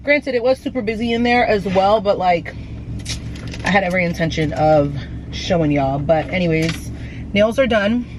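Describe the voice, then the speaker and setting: A woman's voice: fairly low pitch, moderate pace, a little mellow, slight background noise, poor audio. Chatty pregnant woman vlogging from her car. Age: 30s. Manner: chatty, candid, slangy, addresses viewers as y'all. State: heavily pregnant. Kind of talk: chatty vlog talk. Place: parked car and at home. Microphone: handheld camera.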